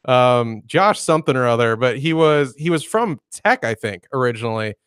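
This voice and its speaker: A man's voice: mid-range voice, animated, normal speed, fairly bright tone, smooth, dry recording. Chatty man with a dry voice. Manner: chatty storyteller, laughs while telling anecdotes. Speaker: podcast co-host, locksmith. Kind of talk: casual chat.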